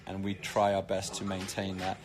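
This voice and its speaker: A man's voice: deep voice, completely flat delivery, normal speed. A British man chatting casually on a live stream, reading comments with cheeky, joking banter. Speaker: actor streaming live to fans.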